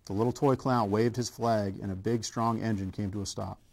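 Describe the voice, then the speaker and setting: Gravelly low-voiced man reading a children's story. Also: steady tone. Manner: slow gentle storytelling with small stumbles. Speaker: coach. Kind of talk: children's read-aloud.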